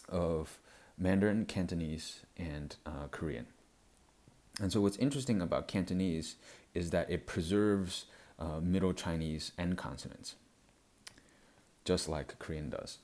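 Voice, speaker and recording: A man giving a halting explanatory lecture over slides, with many fillers. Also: extremely low pitch, darkish tone. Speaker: language educator.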